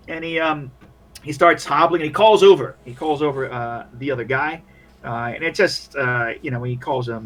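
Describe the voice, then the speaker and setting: A man with a fairly high, slightly bright voice narrates a tabletop role-playing game as the game master. He rambles and halts, restarting often.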